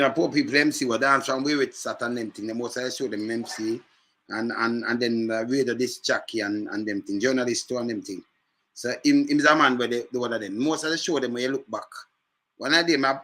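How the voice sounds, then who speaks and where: A man chatting casually in patois, telling animated stories with lively jumps in pitch. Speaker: speaker in a reggae scene video.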